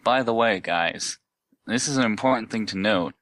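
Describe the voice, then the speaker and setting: A man's voice: lowish voice, normal speed, a bit bright, dry recording. A man playing in a tabletop game, wry and matter-of-fact. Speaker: player.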